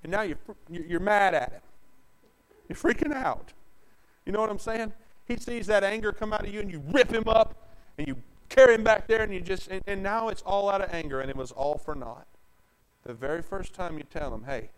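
A pastor with a notably high voice preaches to his congregation. He is emphatic, rises to loud declarations, then drops into hushed asides, drawing out scripture slowly. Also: low-quality recording. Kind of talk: sermon.

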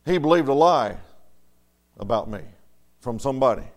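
A man preaching a storytelling sermon in a folksy way, dropping to soft murmurs and rising to loud, emphatic lines. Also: medium pitch, expressive, normal speed.

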